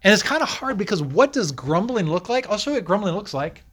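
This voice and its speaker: Man preaching with animated questions. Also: high voice, fast, breathy edge. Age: middle-aged. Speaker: pastor. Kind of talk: sermon.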